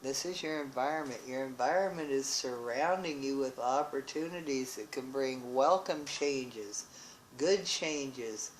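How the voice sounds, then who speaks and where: Tarot reader, unhurried and ponderous, thinking aloud, prone to awed little exclamations. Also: mid-range voice, a little hiss or hum, low-quality recording. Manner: musing, with frequent exclamations of wonder; thinks aloud with restarts and pauses. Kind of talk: tarot card reading.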